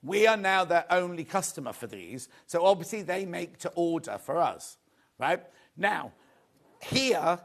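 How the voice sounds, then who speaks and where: A man presenting a live sewing sales show, chatty and rambling, grumbling good-naturedly at himself. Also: fairly high pitch. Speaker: shopping channel presenter.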